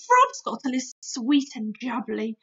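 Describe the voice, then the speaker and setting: Lady putting on a loud friendly giant guy, mixes up his words, storybook reading, muffled audio. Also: a little high, very animated, unhurried, husky, full character voice. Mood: blustering. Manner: loud exclaiming, jumbled made-up words. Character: huge friendly male giant, boisterous, muddled grammar.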